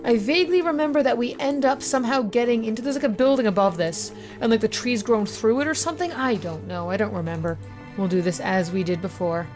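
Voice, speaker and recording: Faint music sits behind this woman as she reads a horror game's text aloud during a playthrough for her gaming videos. She talks fast with a fairly high pitch and darkish tone, reacting offhandedly with frequent swearing and remarks about being grossed out.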